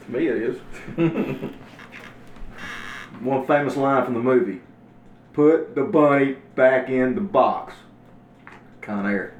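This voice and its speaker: A man's voice: mid-range voice, takes it slowly, pauses often, recorded from a distance, lo-fi sound. A man talking enthusiastically and acting out scenes with quoted lines. His voice echoes in the room over a faint hum. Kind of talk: casual chat.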